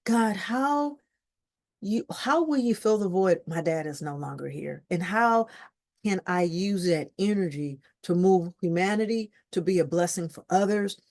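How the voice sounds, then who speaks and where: Expressive woman host preaching on grief. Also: lowish voice, unhurried. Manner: expressive, preachy, repeats phrases, exclaims. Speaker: podcast host. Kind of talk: faith-based grief talk.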